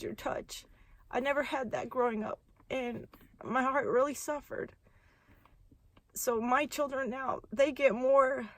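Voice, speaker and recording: A woman's voice: high-pitched, dry recording. A woman in her thirties telling a heartfelt faith story in a casual, rambling vlog. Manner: earnest, heartfelt, rambling with restarts. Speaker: vlogger sharing a faith testimony.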